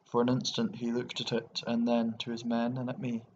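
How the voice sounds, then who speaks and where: A man with an Irish accent narrating a short story in a steady, even way. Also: medium pitch, moderate pace. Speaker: audiobook narrator. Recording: dull lo-fi recording with faint hiss.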